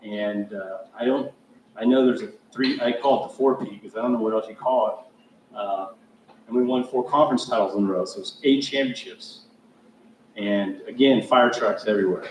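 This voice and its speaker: A man's voice: lowish voice, moderate pace, a little mellow, slight background noise. Man telling a story in an echoey hall. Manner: rambling, self-mocking, with many fillers. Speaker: hall of fame inductee giving a speech. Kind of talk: storytelling acceptance speech. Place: school gym or hall. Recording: echoey hall, heard from a distance.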